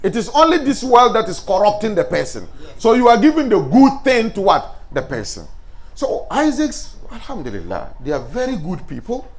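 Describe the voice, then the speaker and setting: Male Islamic teacher, high lively voice, call-and-response lecturing. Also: normal speed. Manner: animated, asks the class questions and answers them himself. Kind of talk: classroom lecture.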